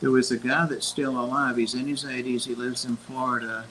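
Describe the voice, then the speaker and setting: An older man chats on a livestream, wandering from one memory to the next. His voice stays flat in pitch but sounds bright and forward. A faint noise sits under the recording. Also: fairly quick, rough recording. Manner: rambling, reminiscing storyteller. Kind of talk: casual chat.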